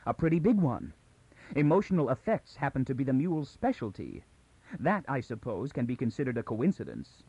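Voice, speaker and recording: A man's voice: medium pitch, sing-song, brisk, dark tone, husky, no room sound, dull audio. A man voicing a tense, frightened young woman. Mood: urgent, tense. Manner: urgent, rising, near hysterical. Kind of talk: audiobook character reading.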